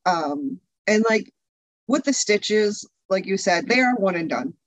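A talkative woman in a candid interview, laughing often and circling back with quick restarts. Her voice sits mid-height for a woman and is recorded dry and close, with no room sound at all. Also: mid-range voice, expressive, no room sound, poor audio. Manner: chatty and candid, frequent laughs, many filler restarts. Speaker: interview guest, video creator.

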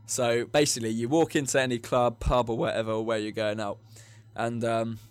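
A young podcast co-host from England rambles through a drinking story in casual chat, breaking into laughter along the way. His medium-pitched voice is level and clean at normal speed, and the sound is dry and close-miked, with no echo or room around it.

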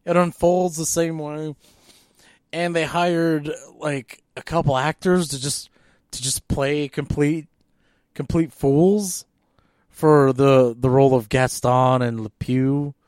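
A man's voice: a little high, takes it slowly, dry recording. Ranting podcast guy, dry mic. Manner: animated, exasperated ranting with frequent fillers. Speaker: podcast co-host. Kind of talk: casual movie-rant chat.

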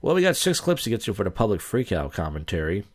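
A man's voice: on the low side, big pitch swings, fast. A man hosting a live stream and reacting to viral clips in a sarcastic, offhand way. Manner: sarcastic, offhand, mock-impersonating. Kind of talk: casual commentary on viral clips.

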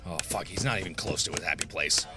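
A man giving let's-play commentary in loud, profane outbursts and frustrated shouting. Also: low-pitched, fast talker. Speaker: gamer. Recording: clear game music under the voice. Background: game music.

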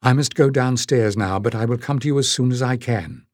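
A man voicing an anxious, gentle woman who speaks softly and pleadingly. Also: medium pitch, a little fast, no room sound, clean studio sound, close to an everyday voice. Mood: hushed. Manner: pleading and soft.

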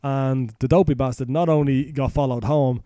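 A man's voice: mid-range voice, steady tone, normal speed, warm tone, no room sound, studio quality. Sweary Irish man telling a story. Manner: crude, sweary, rambling retelling. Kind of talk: casual comic storytelling.

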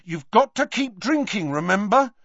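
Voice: medium pitch, sing-song, normal speed, fairly bright tone, no echo, pitched above the performer's own voice. A reader plays a scared teenage boy, his raised voice urgent and shaking as he coaxes and reassures. The lines rise and fall with strain. It comes through as a dry, somewhat dull storybook recording. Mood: urging. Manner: urgent, pleading, shaky. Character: teenage boy wizard, desperate and frightened. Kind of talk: audiobook character voice.

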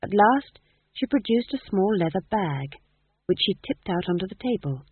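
A man narrating a novel in a dry, even storytelling manner. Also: high voice, moderate pace, breathy edge, no echo. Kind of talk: audiobook narration. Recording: tinny phone-like dry recording.

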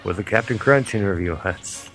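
A man speaks dryly and haltingly in casual banter with friends. His voice is low and gravelly, with plenty of fry. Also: fairly bright tone, soft background music. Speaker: show regular.

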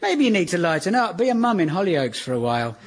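A man's voice: high-pitched, fast talker. A man in his forties hosting a scripted radio comedy, wry and sardonic, on a hissy archive radio recording. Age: 40s. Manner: wry, sardonic, lively delivery. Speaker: comedy show host.

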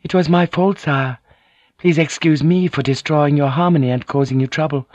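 A man's voice: a little high, fairly even intonation, moderate pace, a little mellow, dry recording, pitched above the performer's own voice, natural voice. A resolute, devout noblewoman who speaks with formal courtesy and will not bend, as a male reader acts her out. The voice is lifted above the reader's own. The recording is dry and a little dull. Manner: formal, polite, firm.

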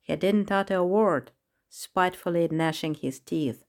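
A woman narrating a children's storybook in a measured, unhurried reading voice. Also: on the low side, darkish tone.

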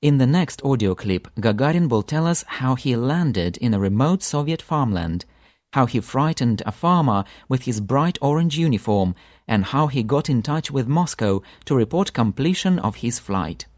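A man teaching a language lesson from a script, patiently repeating words slowly for pronunciation drills. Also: medium pitch, lively intonation, darkish tone, no room sound, clean studio sound.

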